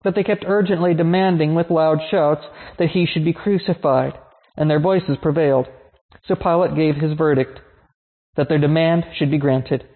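A man giving a measured, solemn liturgical scripture reading. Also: fairly high pitch, steady tone. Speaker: scripture reader. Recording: tinny phone-like sound.

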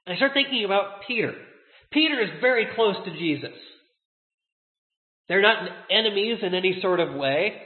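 A man preaching a sermon as a pastor, earnest, slowing down to stress key words. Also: high-pitched, expressive. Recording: tinny, echoey hall.

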